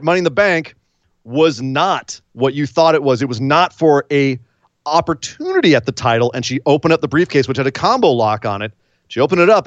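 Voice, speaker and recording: Animated man retelling events. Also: mid-range voice, no room sound, dull audio. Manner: animated storyteller, acts out quotes. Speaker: podcast co-host. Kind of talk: casual wrestling recap chat. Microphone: remote call mic.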